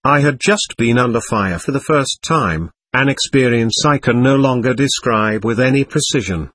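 A man narrating an audiobook in the first person, measured and vivid. His voice is husky and moves lively through its pitch, recorded dry and close to the mic. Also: no echo.

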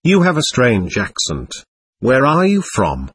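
A man's voice: medium pitch, huge pitch swings, a little slow, breathy edge, no echo, full character voice. A man voicing a lazy, middle-aged male soldier who teases and sounds close to laughing. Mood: mocking. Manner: teasing, on the edge of laughter. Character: fiftyish male soldier, lazy, mocking, unhurried.

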